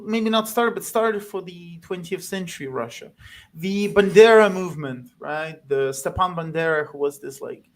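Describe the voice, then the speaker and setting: A man speaking as a guest in a casual chat about a film, halting and loose, full of fillers and restarts. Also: mid-range voice.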